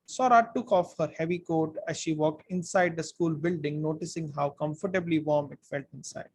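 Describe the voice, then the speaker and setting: A man reading a storybook aloud in an expressive way, now and then speaking to his listeners. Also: fairly high pitch, normal speed, husky. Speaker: book reader. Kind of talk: audiobook-style story reading.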